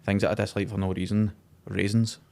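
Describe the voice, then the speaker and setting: A man's voice: lowish voice, little pitch movement, a little fast, creaky, a little mellow. A man hosting a podcast in a studio, telling rambling, self-mocking stories in casual chat.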